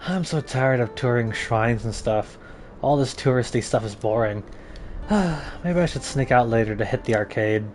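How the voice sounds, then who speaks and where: Young male streamer, chatty, joking, mid-pitched, faint music behind. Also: normal speed. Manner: chatty, joking, reads game text aloud. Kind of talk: casual let's-play commentary.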